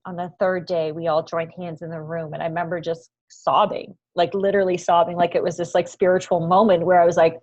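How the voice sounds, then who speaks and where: A woman guest in an interview, telling a personal story in a heartfelt, animated way, with frequent laughs and lots of "like" fillers. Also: lowish voice, no room sound, highs cut off. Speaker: guest, event founder.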